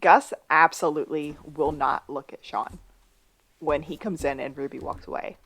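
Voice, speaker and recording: Lower-voiced woman in casual podcast chat. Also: moderate pace, a bit bright, slightly rough. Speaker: podcast co-host. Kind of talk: casual chat recapping a TV episode.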